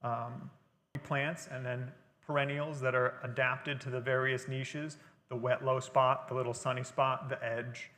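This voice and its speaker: A man's voice: medium pitch, level tone, measured pace, bright, forceful tone, long reverb tail. A man giving a conversational, explanatory talk at a library. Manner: explanatory, conversational lecturing with fillers. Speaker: guest speaker. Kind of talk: library lecture on gardening.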